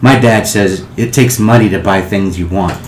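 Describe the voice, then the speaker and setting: A man's voice: low-pitched, moderate pace, voice pushed down, natural voice. Man doing a chatty nine-year-old noble kid, rambly and eager; roomy recording. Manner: excited, rambling, stumbles over words. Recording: echoey room, faint hiss.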